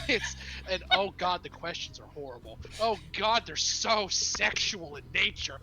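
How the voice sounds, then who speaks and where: A man's voice: high voice, lively intonation, measured pace, sharp tone. A man narrating as game master of a tabletop game, playful and often laughing.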